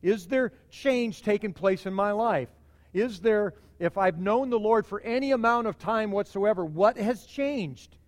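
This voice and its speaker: A middle-aged man, a pastor, preaching a sermon in a conversational, animated way in a church sanctuary. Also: high-pitched, unhurried, long reverb tail.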